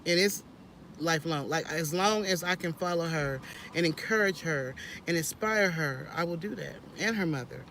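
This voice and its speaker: A woman talks in a casual, preachy vlog, animated and sermon-like, often restarting her sentences. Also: low-pitched, normal speed, a little hiss or hum. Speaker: vlogger.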